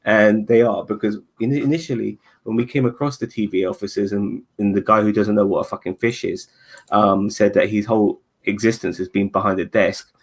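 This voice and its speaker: A man casually chatting as a podcast co-host, animated and swearing freely with slang. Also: fairly low pitch, breathy edge. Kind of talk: casual chat.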